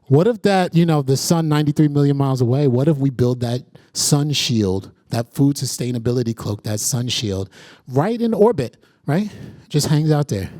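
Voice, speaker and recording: A man's voice: mid-range voice, lively intonation, normal speed, mellow, no echo, clean studio sound. A man facilitating an interactive workshop, energetically calling on the audience and checking in with "right?" as he goes.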